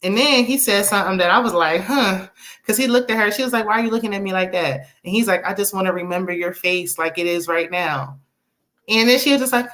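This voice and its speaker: A young woman, casually recapping a movie with laughs and quick asides. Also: mid-range voice. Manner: chatty, animated retelling with laughs and acted-out quotes. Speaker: movie review host.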